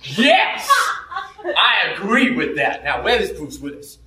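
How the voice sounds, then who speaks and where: A man's voice: high-pitched, big pitch swings, takes it slowly, pushed and bright, distant mic, exaggerated voice. A man improvising a swaggering, foul-mouthed movie gangster in a comedy scene, brash and daring. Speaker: improv performer. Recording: roomy stage sound from afar.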